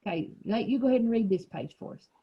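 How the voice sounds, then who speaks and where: Speaking fast and expressively in a husky, fairly high voice, a reading-group teacher patiently prompts and cheers on the children. The classroom recording is lo-fi and dull.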